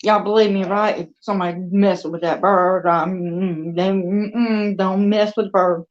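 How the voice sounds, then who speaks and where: A woman's voice: medium pitch, fairly even intonation, a little slow. A woman chatting casually with her viewers from her dining room at home, stopping now and then to talk to her pets. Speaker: crafter and video host. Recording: dull lo-fi sound.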